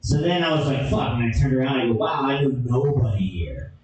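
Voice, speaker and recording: Young man, crude comedy storytelling, animated with shouted bursts, very echoey room, off mic. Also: mid-range voice, fast, far from the mic.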